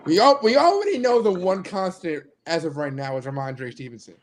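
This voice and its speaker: High-voiced man stammering through sports talk. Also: lively intonation, brisk. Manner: laughing, teasing, stammering restarts. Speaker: podcast co-host. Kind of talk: casual sports chat.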